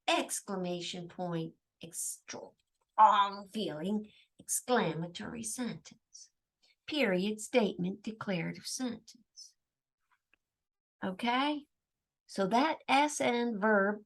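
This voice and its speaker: A middle-aged woman teaching a children's grammar lesson, patiently drilling question-and-answer chants. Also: mid-range voice.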